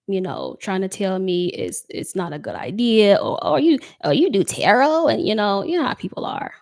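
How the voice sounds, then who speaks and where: Emotional woman chatting to viewers. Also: fairly low pitch. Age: adult with a child. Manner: emotional, heartfelt, reads viewer comments aloud. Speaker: tarot reader livestream host. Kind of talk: casual livestream chat reading comments.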